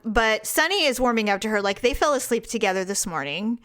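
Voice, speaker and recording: Woman cohost chatting on a podcast, animated, laughs a lot, highish voice. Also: brisk. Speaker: podcast co-host. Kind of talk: casual chat.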